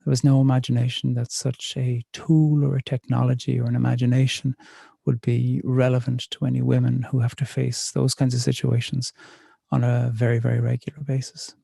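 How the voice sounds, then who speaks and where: A man with a Northern Irish accent, a poet reading his poems and telling stories in a slow, measured, reflective way. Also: mid-range voice, flat delivery, creaky, dark tone, slightly rough, no echo. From north of Ireland. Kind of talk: poetry reading and storytelling.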